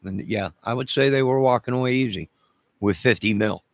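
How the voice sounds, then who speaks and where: A man's voice: medium pitch, brisk, no room sound. A man from Chicago in a rambling direct-to-camera rant, menacing and repetitive, leaning hard on his words for emphasis.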